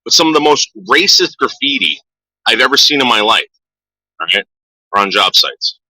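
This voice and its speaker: A man's voice: mid-range voice, lively intonation, moderate pace, pushed and bright, dry recording, poor audio. A middle-aged man ranting casually to his viewers, swearing a lot and stumbling over repeated words. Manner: profane, stammering repeats. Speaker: vlogger. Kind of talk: casual rant.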